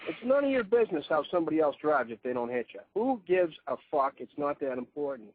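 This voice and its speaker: A man's voice: fairly high pitch, big pitch swings, fast talker, slightly rough. A man chatting as a guest on a talk radio show, giving profane, emphatic opinions. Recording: dry, phone-like lo-fi radio audio.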